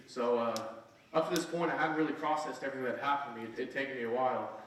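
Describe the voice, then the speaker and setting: A man's voice: medium pitch, fairly even intonation, fast talker, distant mic. Young man telling his story in an echoey hall. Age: 20s. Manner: casual, earnest, frequent "right?" asides. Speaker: keynote speaker. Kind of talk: storytelling speech to an audience. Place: conference hall.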